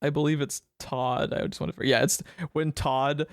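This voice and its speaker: A man's voice: fairly high pitch, flat delivery, normal speed, smooth, dry recording, clean studio sound. A man co-hosting a podcast, chatting casually about a comedy film, rambling and swearing a lot. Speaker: podcast co-host. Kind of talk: casual film review chat.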